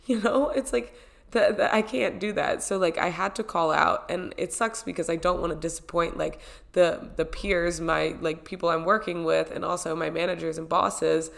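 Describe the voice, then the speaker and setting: A young woman with a lowish, gravelly voice talks casually while fighting a cold. She rambles warmly through fillers and little laughs in a loose, chatty vlog style. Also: steady tone, normal speed. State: sick with a cold. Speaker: wellness vlogger. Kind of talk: casual chat.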